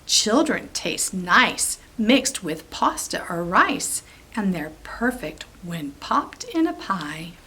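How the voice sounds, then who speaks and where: A grouchy, greedy storybook giant as a woman reads him out rumbles through his rhymes. His delivery swoops up and down in a lively way and takes its time over every word. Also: takes it slowly, husky, heavily acted. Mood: grumbly, greedy. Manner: rhyming, playful storybook delivery. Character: grumpy hungry male giant, growly and greedy.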